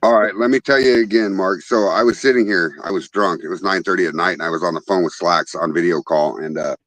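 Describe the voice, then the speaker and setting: A man from Wyoming hosting a casual chat, telling stories in a loud, profane, animated way. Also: sits low, fast, no echo, poor audio. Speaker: podcast host.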